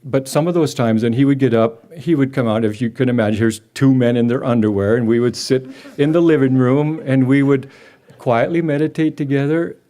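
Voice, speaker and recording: An older man telling a personal memory at a memorial gathering, halting and gentle, with many restarts. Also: medium pitch. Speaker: devotee sharing a memory. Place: gathering hall with a live audience.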